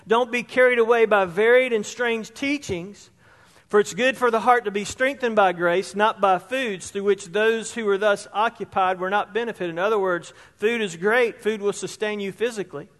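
A man delivers a sermon as a pastor, his voice sitting high for a man. He preaches emphatically, piling up repeated words to drive a point home. The sound carries a long reverb, as if filling a large church sanctuary. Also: fairly bright tone.

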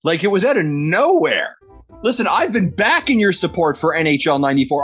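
A Canadian man co-hosting a podcast in casual banter, given to animated mock-outraged rants. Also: high-pitched, a little fast, breathy edge, faint music behind. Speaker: podcast co-host.

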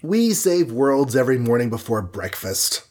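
A man's voice: medium pitch, very animated, normal speed, a little mellow. A man reading a storybook and voicing a brash wisecracking hero, flippant and mocking.

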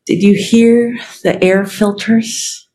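A Zen teacher giving a meditative dharma talk in a calm, contemplative way, leaving long pauses and ending with a poem reading. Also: medium pitch, a little hiss or hum.

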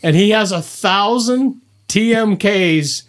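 A middle-aged man telling hunting stories on a podcast in casual chat, his voice jumping up high when he gets excited. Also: slow pace. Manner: animated storyteller, voice jumps high when excited. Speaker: podcast guest.

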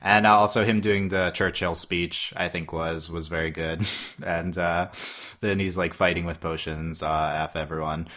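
Deep-voiced man rambling casually. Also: little pitch movement, moderate pace, pushed and bright. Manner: rambling, hesitant, with frequent fillers and chuckles. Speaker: podcast host. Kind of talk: casual chat.

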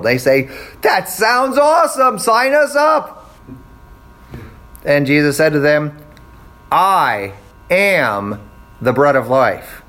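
A middle-aged man casually teaching a Bible study, animated and acting out quoted voices. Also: fairly high pitch, rough recording.

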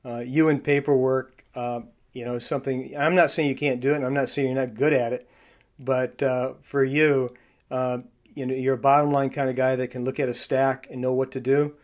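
Pria pembawa podcast yang banyak jeda. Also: male voice, mid-range voice, level tone. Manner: halting, many fillers and restarts; explains behavior traits in a coaching tone. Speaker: podcast host. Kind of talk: casual interview.

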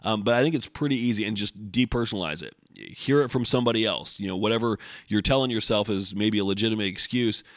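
Blunt low-voiced man, podcast host. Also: quick pace, dry recording, clean studio sound. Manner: blunt, profane, rambling with restarts. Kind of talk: casual solo podcast monologue. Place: home, recording before the gym.

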